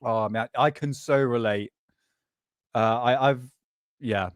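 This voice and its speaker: A man from England with a mid-range voice takes things slowly while hosting a live UFO show, heard in studio quality without echo. He rambles, laughs, and reacts to clips while addressing his chat casually.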